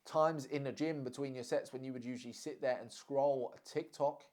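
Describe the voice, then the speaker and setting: A young man giving fitness and diet advice in a blunt, teasing, energetic way, swearing freely. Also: medium pitch, moderate pace, hardly any pauses. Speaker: fitness coach. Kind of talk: casual direct-to-camera advice.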